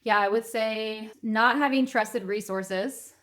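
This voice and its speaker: A woman guest on a podcast, an advisor, explaining her views in an earnest, measured way. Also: fairly high pitch, a bit bright. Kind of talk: interview answers.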